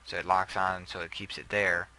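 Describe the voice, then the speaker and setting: A man's voice: low voice, little pitch movement, normal speed, sharp tone, rough recording. A young man giving casual, rambling gameplay commentary, often trailing off and putting himself down. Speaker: gameplay video host.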